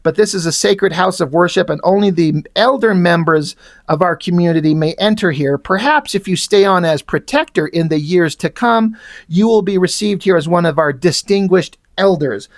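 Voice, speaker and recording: A man's voice: high voice, normal speed. A man voicing a solemn male fallen-angel elder from a comic, reading his lines in a formal, pious way.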